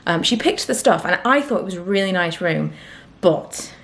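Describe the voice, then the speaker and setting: A woman's voice: on the low side, lively intonation, normal speed, fairly bright tone. A woman in her thirties chatting candidly to camera in a home vlog, sometimes dropping to a whisper. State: out of breath. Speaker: vlogger. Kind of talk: casual chat to camera.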